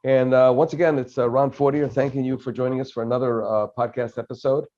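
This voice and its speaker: This is a man hosting a podcast, chatting casually at a mid pitch. He talks haltingly, full of fillers and restarts. The audio is slightly dull and lo-fi. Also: little pitch movement, warm tone. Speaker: podcast host. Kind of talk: casual interview chat.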